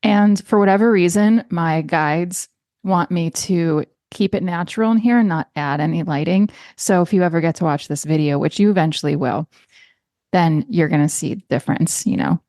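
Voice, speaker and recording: At a moderate pace, in studio-quality sound with no echo, a US woman chats on her own casual solo podcast from a small room at home. She's warm and chatty, occasionally switching to high baby-talk aimed at her cat.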